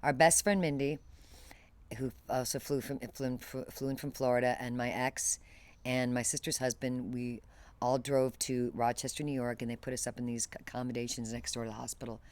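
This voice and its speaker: A woman speaking as an interview guest, steady and detached as she retells a deeply painful memory. She stumbles, restarts and lets phrases trail off, as if talking through something that happened to someone else. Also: normal speed. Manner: detached, matter-of-fact retelling of a painful loss. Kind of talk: emotional personal storytelling.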